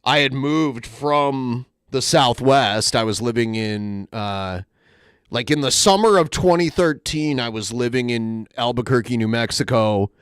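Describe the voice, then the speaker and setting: A man hosting a podcast, chatting casually in a rambling, halting way with many restarts. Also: medium pitch, clean tone, no echo, clean studio sound. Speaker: podcast host. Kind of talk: casual chat.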